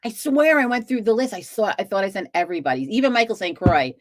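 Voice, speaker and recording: A woman's voice: mid-range voice, animated, fast, no echo, studio quality. A woman hosting a live stream, chatting casually with viewers, talkative and swearing freely as she rambles.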